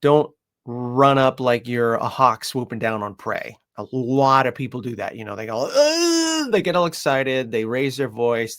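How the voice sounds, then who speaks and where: Chatty man, rambling dog trainer. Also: mid-range voice. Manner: rambling, lots of fillers, coos softly when quoting himself to the puppy. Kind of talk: casual talk to camera.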